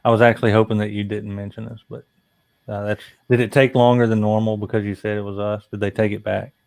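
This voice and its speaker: Low-voiced joking man, dry sound. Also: flat delivery, quick pace, creaky, a little mellow, no echo. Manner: joking, riffing on absurd scenes. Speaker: podcast co-host. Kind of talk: casual group chat.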